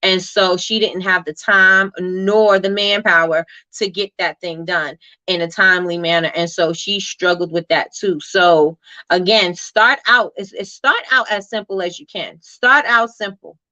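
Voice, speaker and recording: A woman with a bright, forward voice hosts a casual motivational talk. She talks loosely, full of fillers and "right?". The sound is dry and a little dull, as if from a modest home setup. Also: lowish voice, measured pace, dry recording. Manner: chatty, reads comments aloud, many fillers and "right?". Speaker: host.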